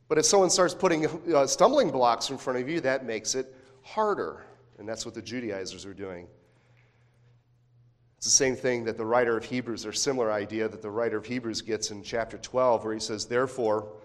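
A man preaching a sermon as pastor, talking in a conversational way with frequent rhetorical questions and restarts. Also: mid-range voice. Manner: repeats words when restarting phrases.

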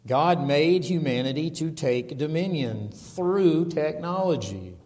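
A man preaching a sermon and reading scripture aloud, slow and emphatic. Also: fairly high pitch, expressive, a little mellow. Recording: long reverb of a large hall.

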